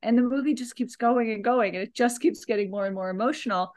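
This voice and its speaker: A woman co-hosting a podcast, telling an animated, chatty story and recommending a film. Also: fairly high pitch, quick pace, dry recording. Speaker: podcast co-host. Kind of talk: casual chat, recommending a film.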